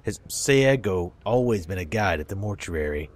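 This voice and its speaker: A man's voice: deep voice, expressive, moderate pace, pitched below the performer's own voice. A man playing a terse, grim wanderer.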